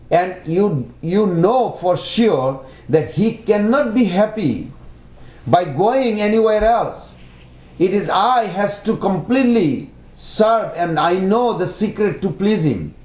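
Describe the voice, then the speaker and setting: A man giving a devotional lecture in non-native English, halting and repeating words as he explains. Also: sits high, darkish tone. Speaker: speaker giving a religious class. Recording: echoey room.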